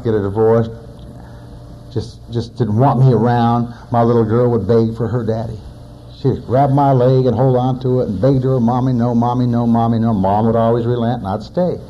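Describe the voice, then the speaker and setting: A man's voice: medium pitch, dull audio, a little hiss or hum. A man in his forties, a recovering alcoholic, giving a personal testimony in a plainspoken storytelling manner with wry humor. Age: 40s.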